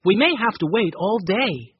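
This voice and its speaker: A man's voice: high-pitched, expressive, a little slow, a little hiss or hum, voice pushed up. A man reading a storybook, voicing a practical, matter-of-fact girl. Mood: knowing. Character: sensible, practical older girl. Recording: dull lo-fi dry recording.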